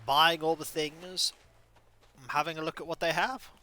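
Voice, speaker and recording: A man's voice: fairly high pitch, fairly even intonation, measured pace, bright, forceful tone. A man in his thirties streaming a video game, chatting in a playful, rambling, self-mocking way. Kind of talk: casual live game stream commentary.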